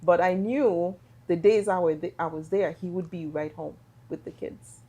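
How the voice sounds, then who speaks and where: A middle-aged Haitian woman who owns a business appears as a guest on a casual podcast, speaking earnestly and repeating words for emphasis. Her voice is fairly low and mellow, with a steady tone at normal speed.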